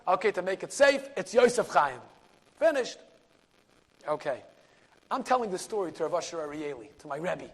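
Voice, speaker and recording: A man, a rabbi, telling a story in a class, animated, dropping to a hush at key moments and mixing in Yiddish and Hebrew words. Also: high-pitched, normal speed, pauses often. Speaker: rabbi and lecturer.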